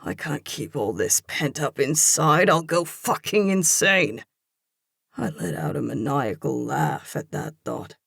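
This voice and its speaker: Romance audiobook narrator: gravelly, unhurried, intense and hushed. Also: medium pitch, very animated, no room sound, studio quality. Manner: slow, intense, hushed delivery.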